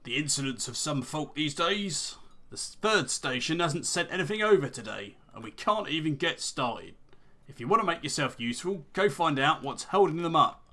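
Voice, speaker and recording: A man's voice: a little high, animated, moderate pace, pushed and bright, pitched above the performer's own voice. Surly overseer, read by a man doing a voice, short-tempered, game dialogue. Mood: irritated. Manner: irritable, defensive.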